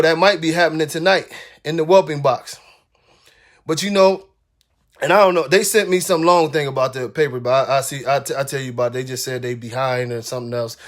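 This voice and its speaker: High-pitched guy going off on a livestream about dogs, blunt and cussing, keeps repeating his point. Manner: blunt and profane, repeating himself for emphasis. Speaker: dog breeder ranting on a livestream. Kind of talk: heated livestream rant.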